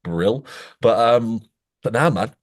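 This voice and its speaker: A man co-hosting a podcast, telling stories in animated casual chat, saying "mate" often and acting out quoted voices. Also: slow pace. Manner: animated storytelling, says "mate" constantly; acts out quoted voices with jumps in pitch. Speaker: podcast co-host.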